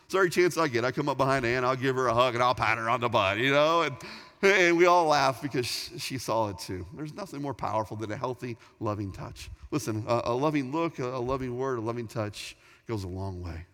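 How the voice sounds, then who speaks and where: A man's voice: medium pitch, fairly quick, a bit bright. A middle-aged man preaching a sermon as pastor, earnest and emphatic, often repeating words as he builds a point. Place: large church hall. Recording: long hall reverb.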